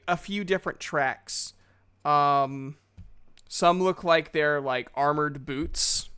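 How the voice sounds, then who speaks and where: A man narrating a tabletop game as dungeon master, slowly and with many fillers. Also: a little high, a bit bright, clear, resonant tone.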